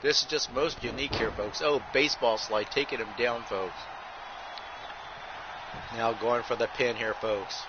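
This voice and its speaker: A man hosting a game stream, calling the action in wrestling-announcer patter and saying "folks" constantly. His voice sits at an ordinary pitch and gets loud when a big move lands. The audio is muffled, with a clear hiss of background noise. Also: a little slow, pauses often. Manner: announcer patter, says "folks" nearly every line; excitable shouts at big moves. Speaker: host and play-by-play commentator. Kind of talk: wrestling play-by-play over a video game.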